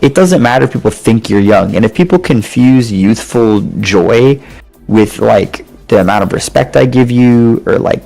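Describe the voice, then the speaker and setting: A man's voice: fairly low pitch, gravelly, a little mellow, poor audio. A man around thirty chatting casually with a friend, blunt and opinionated, swearing freely. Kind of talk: casual chat.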